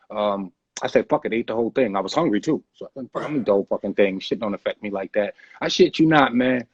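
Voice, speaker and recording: A man's voice: lowish voice, darkish tone, breathy edge, no echo. A man telling a story in a laid-back, profane way, as the guest in an interview. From United States. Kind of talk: casual storytelling. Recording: dull dry recording.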